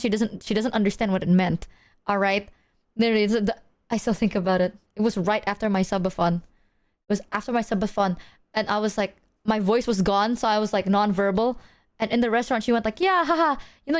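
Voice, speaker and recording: Animated young woman streamer, slightly high. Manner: animated, swears a lot, slangy, laughing. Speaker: livestreamer. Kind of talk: casual stream chat.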